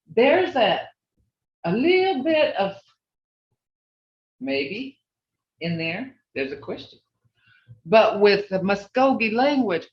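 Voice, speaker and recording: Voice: medium pitch, very animated, slow, long pauses, recorded from a distance. A language teacher leading an online class, patiently repeating phrases to model their tone. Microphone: video call. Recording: roomy, dull video-call audio.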